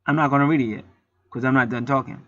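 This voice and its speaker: A man's voice: medium pitch, steady tone, quick pace, pushed and bright, no echo. A man hosting his own channel, ranting to viewers in a casual, heated, profane and preachy way. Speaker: channel host. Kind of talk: casual rant to camera. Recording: dull lo-fi dry sound.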